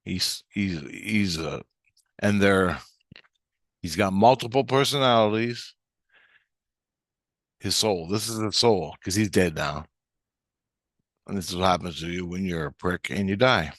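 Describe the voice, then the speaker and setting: A man's voice: deep voice, measured pace, long pauses, fairly bright tone, no room sound, studio quality. A man telling a personal story in a rambling, casual monologue, often restarting his sentences. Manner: rambling, with frequent restarts and fillers. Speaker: vlogger.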